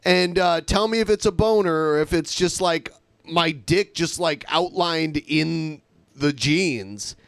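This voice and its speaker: A man co-hosting a livestream podcast, telling crude stories in an animated, joking way. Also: fairly high pitch, slow pace, creaky, dry recording. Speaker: podcast co-host. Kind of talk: casual livestream banter.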